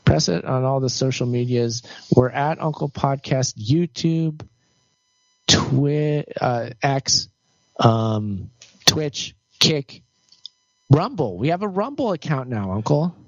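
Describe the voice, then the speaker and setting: A man co-hosting a live podcast, talking in a loose, rambling way with plenty of fillers. His voice sits at a middle pitch. The recording is dry and a little dull. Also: lively intonation, slow pace, dry recording. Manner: chatty, rambling with many fillers. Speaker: podcast co-host. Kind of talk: casual live-stream chat.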